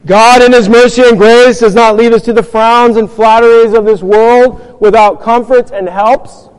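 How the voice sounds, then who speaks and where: Guy preaching a sermon, kinda high voice, earnest, tosses in "amen?" style questions, long echo like a big church. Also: steady tone, moderate pace, clear, resonant tone. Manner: earnest, asks the congregation rhetorical questions.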